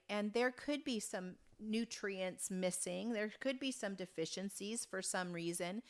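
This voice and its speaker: A woman in her fifties from Oregon, a podcast guest telling a story in an earnest, halting way with many restarts. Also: medium pitch, fairly bright tone. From Oregon, USA. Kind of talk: conversational storytelling.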